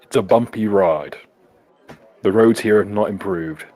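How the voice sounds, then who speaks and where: A man's voice: fairly low pitch, unhurried, mellow. A man narrating a tabletop game as game master, laughing and swearing as he stumbles over words.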